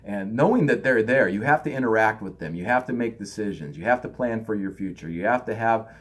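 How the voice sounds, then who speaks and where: A man's voice: fairly low pitch, animated, fairly quick, husky. A man giving a loose, conversational spiritual talk, now and then acting out other people in raised voices. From United States. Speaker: spiritual teacher.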